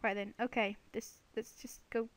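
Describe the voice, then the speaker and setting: A woman's voice: a little high, little pitch movement, moderate pace. A woman giving casual, chatty commentary while playing a video game, playfully talking to the animals and monsters on screen. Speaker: let's play gamer.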